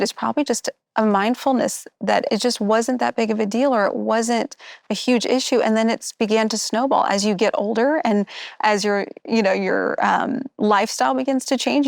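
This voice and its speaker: A middle-aged woman tells her story in an animated, candid way, slipping into the voices of the people she quotes. Her voice sits a little high, and the recording is dry and close with no room sound. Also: creaky, no echo. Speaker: former contestant. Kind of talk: candid interview chat.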